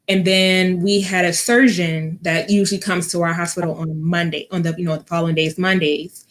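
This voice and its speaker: A woman's voice: on the low side, steady tone, moderate pace. A young woman, a vet tech guest, telling a personal story in a casual interview with lots of ums and acted-out quotes. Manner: many fillers, acts out quoted speech.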